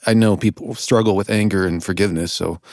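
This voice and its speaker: A man's voice: fairly low pitch, fairly even intonation, quick pace, a little mellow, no echo, clean studio sound. A man who is an author and radio host, a guest in an interview, explaining ideas in a thoughtful, self-deprecating way. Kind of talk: conversational interview.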